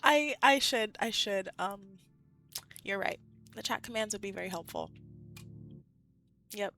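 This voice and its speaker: A woman's voice: mid-range voice, unhurried, bright, forceful tone, soft background music. A woman live-streaming and chatting casually with her viewers, giggly and often correcting herself.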